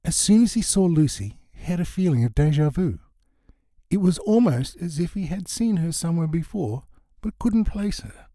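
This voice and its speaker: Male audiobook narrator, animated comic read, close dry sound. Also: fairly high pitch, moderate pace, no echo. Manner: lively comic storytelling. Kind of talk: scripted narration.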